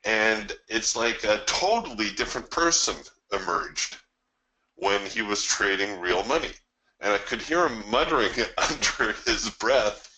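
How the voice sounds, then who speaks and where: A man's voice: on the low side, lively intonation, a little slow, sharp tone, rough recording. A man coaching live trading, talking through his trades in a folksy way with chuckling asides.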